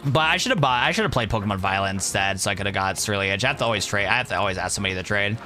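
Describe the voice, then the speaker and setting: A man's voice: on the low side, expressive, racing, bright, forceful tone, soft background music. A young man chatting casually on a live stream, rambling and laid-back, calling his viewers "bro".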